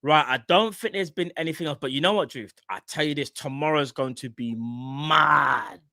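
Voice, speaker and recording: A man's voice: on the high side, moderate pace, vocal fry, no echo, studio quality. A man co-hosting a casual football live stream, bantering with slang. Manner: animated banter, London slang.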